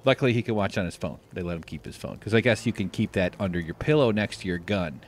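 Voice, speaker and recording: A man's voice: sits low, fast talker, a little hiss or hum. Sarcastic rambling American man. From United States. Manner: sarcastic, rambling, deadpan jokes. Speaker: livestream host. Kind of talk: casual live-stream chat.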